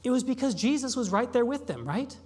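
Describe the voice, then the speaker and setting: A pastor preaching a sermon, asking rhetorical questions and slowing down on key phrases. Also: mid-range voice, big pitch swings, a little mellow. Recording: long reverb of a large hall.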